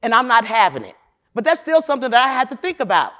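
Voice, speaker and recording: Loud, emphatic woman speaker. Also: fairly high pitch, very animated, fast talker. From Chicago, USA. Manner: talks straight to the audience. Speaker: criminal defense lawyer giving a talk. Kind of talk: candid, profane conference talk.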